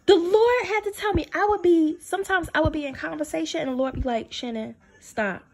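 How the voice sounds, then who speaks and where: A woman giving a spiritual testimony to camera in an emphatic way, repeating phrases for stress. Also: fast talker. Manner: drops low and soft to quote God. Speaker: faith video speaker.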